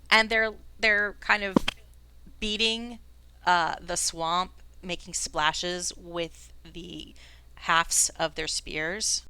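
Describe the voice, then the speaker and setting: A woman's voice: on the low side, bright, forceful tone, clean tone, dry recording. A woman narrating a tabletop game as game master, rambling with fillers.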